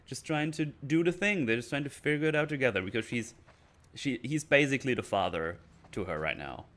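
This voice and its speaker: A man with a mid-range voice talks briskly in a YouTube review of a TV episode. The rant is casual and meandering, marked by hesitation and frequent restarts, with animated quoting of scenes.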